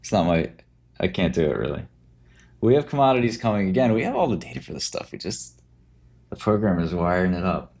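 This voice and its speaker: A man's voice: low voice, sing-song, fairly quick, a little mellow. A man hosting a casual livestream, talking trading in a blunt, offhand way and giving advice. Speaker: livestream host and trader.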